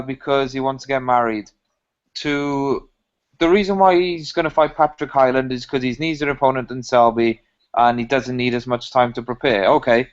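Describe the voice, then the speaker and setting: A man talks things through calmly and analytically in casual podcast chat, pausing often with ums. His voice sits mid-range. The sound is dull and lo-fi. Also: medium pitch, clear, resonant tone. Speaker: podcast co-host.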